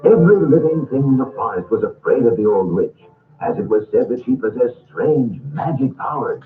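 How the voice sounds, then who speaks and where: Expressive male storybook narrator, tinny record. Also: medium pitch, roomy sound. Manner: measured, expressive reading aloud. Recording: tinny old record with music.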